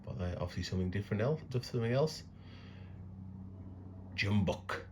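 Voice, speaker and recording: A man's voice: lowish voice, lively intonation, moderate pace, pauses often, a little hiss or hum. A man musing aloud in a casual unboxing commentary, chatty and tripping over words. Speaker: coin collecting vlogger.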